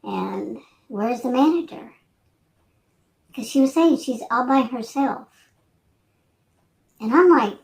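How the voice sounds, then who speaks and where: A woman's voice: a little high, takes it slowly, long pauses. A woman in her sixties chatting casually on her vlog, wandering from thought to thought with hesitant restarts. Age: 60s. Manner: meandering, hesitant, many restarts and fillers. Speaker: vlogger. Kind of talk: rambling casual chat.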